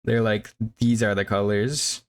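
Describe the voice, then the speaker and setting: A man's voice: on the low side, level tone, unhurried, clear, resonant tone. A young man chatting casually on a stream while drawing, rambling with lots of fillers and laughing at himself.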